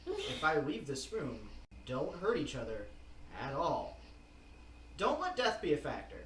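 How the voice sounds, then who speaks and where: Man, game master, dry and teasing, lively pitch, distant from the mic. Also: measured pace, reverberant, slight background noise. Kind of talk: narrating a tabletop game.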